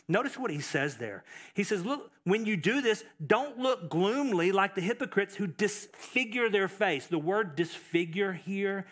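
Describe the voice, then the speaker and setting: A man's voice: high-pitched, fairly bright tone. A man preaching a sermon as pastor, emphatic, repeating phrases, with fillers and restarts.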